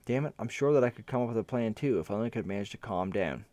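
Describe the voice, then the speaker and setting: A man's voice: on the low side, animated, fast, darkish tone, dry recording. A man reading an interactive fantasy story aloud in the first person, narrating events and his character's nervous thoughts.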